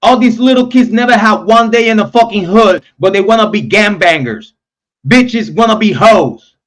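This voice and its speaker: A man's voice: high-pitched, animated, normal speed, a bit bright. A young man hosting a true crime live stream, ranting in a heated, profane, repetitive way. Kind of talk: angry live-stream rant.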